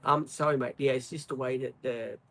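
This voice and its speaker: A man's voice: medium pitch, fairly even intonation, brisk, vocal fry, fairly bright tone, poor audio. An Australian man hosting a livestream, chatting casually, apologetic and rambling with many ums. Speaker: livestream host. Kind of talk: casual live-stream chat.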